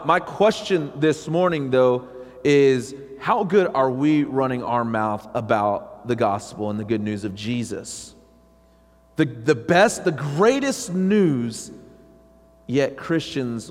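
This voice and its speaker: Animated male pastor in a reverberant church. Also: mid-range voice, unhurried. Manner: animated, conversational preaching with acted-out quotes and sudden loud rises. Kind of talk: sermon. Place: church sanctuary. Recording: long reverb of a church hall.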